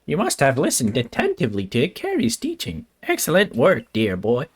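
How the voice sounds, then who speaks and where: A man's voice: mid-range voice, wildly swooping pitch, moderate pace, breathy edge. A man voicing a pompous male professor in a theatrical put-on accent, reading game text in a stilted, formal way. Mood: lecturing. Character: pompous male professor, with a mad-scientist cartoon-villain tinge. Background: faint game music.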